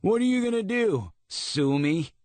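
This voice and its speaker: A man's voice: high voice, big pitch swings, measured pace, no room sound, pitched above the performer's own voice. A man voicing a rude bullying customer who mocks and threatens in a raised, jeering voice. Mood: mocking. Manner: mocking, shouting.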